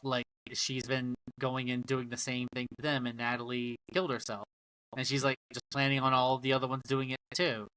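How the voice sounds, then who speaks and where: A man's voice: mid-range voice, little pitch movement, moderate pace, bright, forceful tone, poor audio. A man co-hosting a podcast, casually and agreeably retelling the plot of a TV episode. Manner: laid-back, agreeable, swearing in passing. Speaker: podcast co-host. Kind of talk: casual chat recapping a TV episode.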